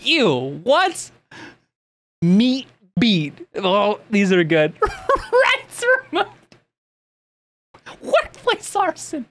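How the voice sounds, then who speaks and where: A man's voice: extremely high pitch, huge pitch swings, drawn-out words, long pauses, a bit bright. A man streaming, reacting to short videos with crude jokes and frequent laughter. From Canada. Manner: crude, joking, laughs often. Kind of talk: casual reaction commentary.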